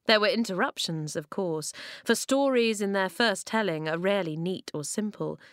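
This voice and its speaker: A woman reading a children's novel aloud, expressive, voicing the dialogue with big leaps in pitch and loudness. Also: normal speed, no room sound, clean studio sound. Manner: expressive, acts out dialogue with sharp jumps in pitch and volume. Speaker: narrator.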